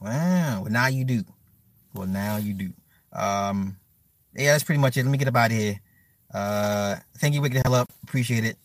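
A man's voice: medium pitch, fast, dry recording. A man hosting a live stream in a blunt, profane, rambling rant, stammering and repeating words and breaking off to thank and answer his viewers. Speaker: livestream host talking to chat.

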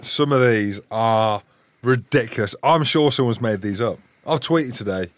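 Medium-pitched and moderately paced, this man's voice comes through a dry recording. He's a former rugby player hosting a rugby podcast, chatting casually in a studio with plenty of banter, teasing and boisterous laughter.

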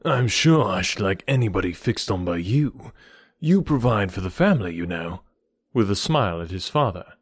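A man voicing a charming young gentleman who talks in a lively, teasing way. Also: lowish voice, moderate pace, breathy edge, no echo, clean studio sound.

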